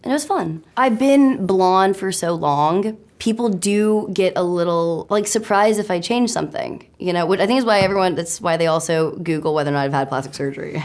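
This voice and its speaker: A young American woman in a casual interview, chatty and self-mocking, laughing often, her voice slightly raspy. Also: medium pitch, a little mellow. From United States. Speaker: actor answering web search questions.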